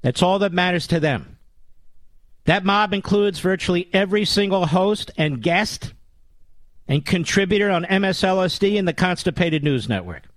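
A man's voice: sits high, animated, moderate pace, no room sound. A man hosting a political talk radio show in a monologue, combative and sarcastic, with mocking nicknames.

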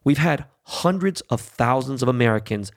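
Gravelly, foul-mouthed ranting man. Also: mid-range voice, expressive, normal speed. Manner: angry, blunt, heavy swearing, frequent "okay?" and "right?". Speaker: podcast host. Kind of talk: profane political rant.

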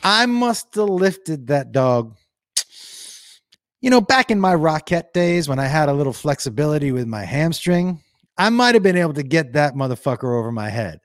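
A man's voice: a little high, very animated, normal speed, no echo, clean studio sound. A middle-aged man ranting on a casual livestream, telling a story and reading viewer comments with blunt, profane emphasis.

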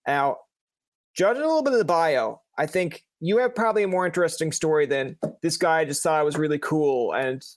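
A man's voice: fairly high pitch, fairly quick, no echo. A young man from Newfoundland with a Newfoundland accent, hosting a casual chat and acting out voices in his stories. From Newfoundland, Canada. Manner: lively storyteller, acts out voices. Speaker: podcast host.

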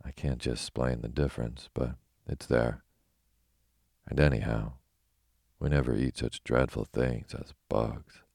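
An earnest, curious young country girl from a storybook, as a man reads her in a very deep voice. The voice stays level and gravelly, calm and slow for sleep. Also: dry recording, clean studio sound, exaggerated voice. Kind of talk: bedtime story reading.

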